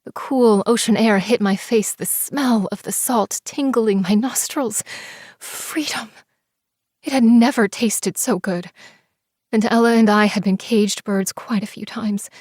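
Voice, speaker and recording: A woman narrating a first-person romance audiobook, expressive and sometimes dropping to soft whispers. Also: medium pitch, measured pace, no room sound, clean studio sound. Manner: expressive, breathless in tense scenes, shifts into soft whispers.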